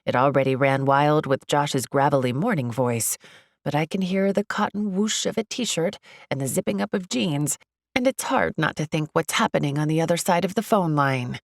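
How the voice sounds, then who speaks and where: Audiobook narrator: woman, low voice, expressive and upbeat, dry close studio sound. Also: moderate pace, no room sound. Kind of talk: first-person audiobook narration.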